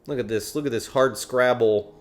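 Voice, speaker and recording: A man's voice: mid-range voice, moderate pace, faint music behind. A man casually commenting on a video game, wry and joking as he riffs with a friend. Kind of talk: casual let's play commentary.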